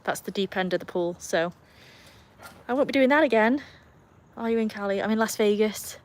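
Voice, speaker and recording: On a rainy day beside a backyard pool, an English woman with a medium-pitched voice runs a chatty live stream at normal speed, greeting viewers and playfully scolding her dogs. Her phone picks up faint rain and outdoor ambience.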